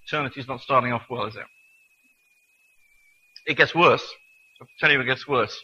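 A man preaching a sermon in an earnest manner, reading scripture slowly and deliberately. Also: mid-range voice, pushed and bright, husky, dull audio.

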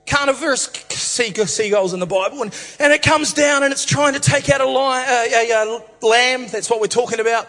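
A man preaching, retelling a story in a playful, animated way with many restarts. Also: very high-pitched, brisk, few pauses. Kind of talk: humorous sermon storytelling. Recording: reverberant hall, faint music.

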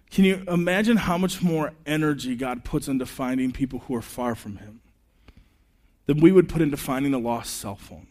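A man in his thirties preaching a sermon in a conversational way, telling personal stories with quick asides. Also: medium pitch. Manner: animated, chatty storytelling with quick asides. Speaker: pastor.

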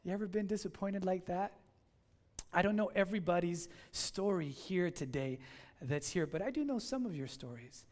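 A male pastor preaching a sermon, telling a story in an animated, conversational way. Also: sits high, moderate pace. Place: church in Miami.

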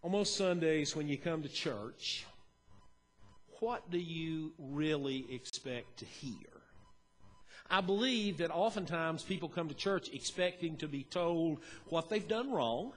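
A man's voice: on the high side, animated, measured pace. Folksy preacher man, church reverb. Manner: folksy, storytelling, chuckles often. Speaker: pastor. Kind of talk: sermon. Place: church sanctuary. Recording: long church hall reverb.

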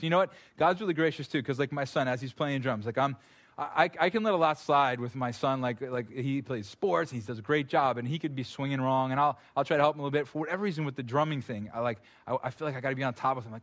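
A man's voice: medium pitch, brisk. Earnest man preaching in a casual way. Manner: earnest, informal, full of fillers and repeated phrases. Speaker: pastor. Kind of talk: casual conversational sermon. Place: room with a gathered audience.

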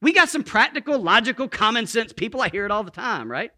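High, bright-voiced preaching man. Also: very animated. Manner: emphatic, slows to stress key words; calls on the congregation to repeat lines. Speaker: pastor. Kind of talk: sermon.

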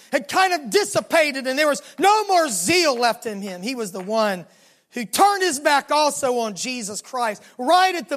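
Southern-accented preacher with a high voice. Storytelling sermon, dramatic, slow and low on the key lines. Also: a bit bright. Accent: Southern American. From Southern United States. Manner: dramatic storytelling, slowing down and dropping low for emphasis.

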